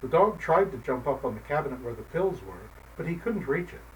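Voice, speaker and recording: A man narrating a folk tale in a gentle, measured storybook manner. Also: fairly high pitch, animated. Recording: distant mic, faint background noise.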